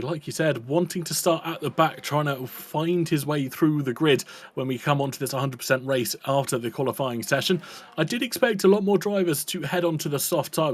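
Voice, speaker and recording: A man's voice: medium pitch, a little hiss or hum. Man analysing a sim race. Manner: measured analytical, praising laps. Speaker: co-commentator.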